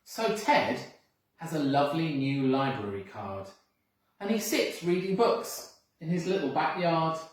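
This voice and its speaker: Slow expressive storybook reader. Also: mid-range voice. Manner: expressive, sing-song storytelling. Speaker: school reader. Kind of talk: reading a picture book aloud. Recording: echoey room, mic far off.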